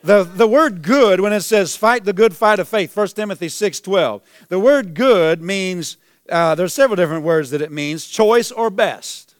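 A man preaching a sermon as pastor, emphatic and repetitive, building to shouted declarations. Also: high voice, normal speed, dry recording, some chatter behind. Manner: emphatic preaching, repeats phrases, rises to shouts.

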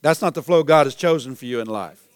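A man preaching a sermon as pastor, emphatic and repetitive, building to shouted declarations. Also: medium pitch, fast talker, smooth, no echo, clean studio sound. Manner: emphatic preaching, repeats phrases, rises to shouts.

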